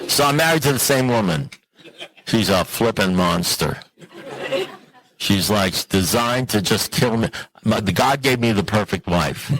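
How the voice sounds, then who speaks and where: A man telling a humorous personal recovery story to an audience in an animated, self-mocking way, often turning to the listeners with questions. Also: unhurried, long pauses, rough recording. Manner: animated, self-mocking, with sudden jumps in pitch; conversational, asks the audience questions. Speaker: recovery meeting speaker.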